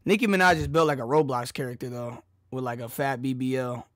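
A young man streaming a casual reaction chat, crude and excitable, jumping between loud outbursts and low mutters into a desk mic. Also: fairly quick, no echo, clean studio sound. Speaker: streamer reacting to a music video.

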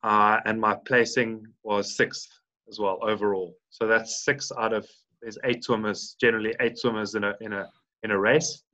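A former Paralympic swimmer from South Africa, in his thirties, speaks at normal speed in a low-ish, steady, pushed and bright voice. As a guest in a casual podcast interview he rambles, restarting and using fillers a lot, and the audio is dull and lo-fi.

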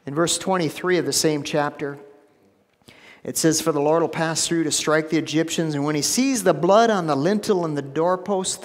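A man preaching a sermon as pastor, emphatic, repeating phrases and dropping to a hushed low voice for stress. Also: long reverb tail. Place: church sanctuary.

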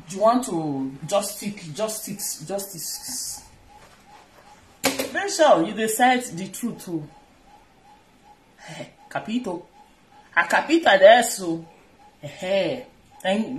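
A woman's voice: on the low side, reverberant, poor audio. A woman with a Nigerian accent chatting casually and teasingly while doing chores in her kitchen, rambling and switching between languages. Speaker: vlogger. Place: home kitchen.

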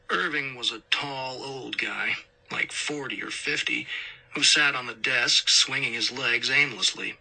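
A man's voice: mid-range voice, measured pace, creaky, sharp tone, rough recording. A man narrating a crime story as an audiobook reader, acting out tense whispered dialogue. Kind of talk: scripted narration.

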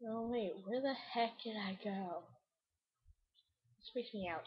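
A woman's voice: medium pitch, moderate pace, long pauses. A young woman rambling through a silly, random vlog with a goofy manner. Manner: goofy, rambling, jumps into silly bits and shrieks. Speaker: vlogger. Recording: dull lo-fi webcam audio.

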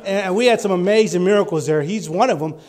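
A male preacher giving a sermon, telling healing stories and rising to loud, fervent exclamations. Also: sits high, quick pace.

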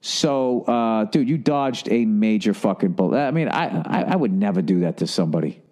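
A middle-aged man giving blunt, profane advice on a comedy podcast, shifting into higher voices to act out little scenes. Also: expressive, normal speed, darkish tone. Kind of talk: casual comedic advice rant.

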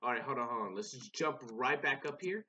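A young man hosting a gaming channel gives casual, rambling, profane commentary while he plays, frequently restarting his sentences. His medium-pitched voice is expressive and brisk, with a sharp tone.

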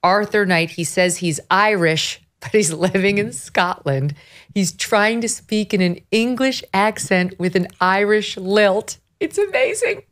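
Woman, podcast host, animated storytelling, mid pitch, casual commentary. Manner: animated storytelling, quick asides.

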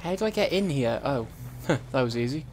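A man's voice: mid-range voice, expressive, normal speed, a little mellow, a little hiss or hum. Chatty, foul-mouthed young man gaming. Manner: chatty, swears freely. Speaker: gaming channel host. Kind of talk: casual let's-play commentary.

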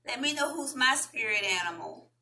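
A woman with a Southern US accent, chatting casually with viewers as a vlogger and reading an article aloud in a slow, deliberate way. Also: a little high, expressive, vocal fry, pushed and bright, low-quality recording.

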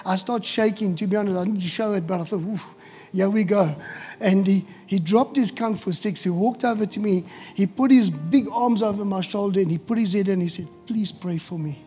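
A middle-aged man, preaching a storytelling sermon in an animated way, acting out quotes and often restarting words. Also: high voice, fairly quick, hardly any pauses. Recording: hall reverb with faint music.

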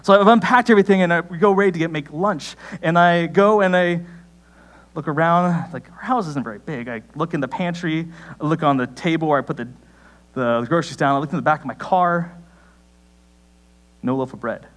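A young adult man preaching a sermon, telling a personal story in a conversational way, with sudden rises in pitch. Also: a little fast. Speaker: pastor.

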